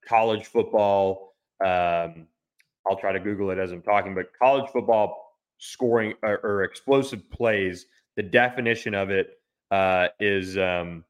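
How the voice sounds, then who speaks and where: A man's voice: lowish voice, fairly bright tone. A man, a sports reporter guesting on a podcast, giving casual unscripted analysis while thinking aloud, with frequent restarts and fillers.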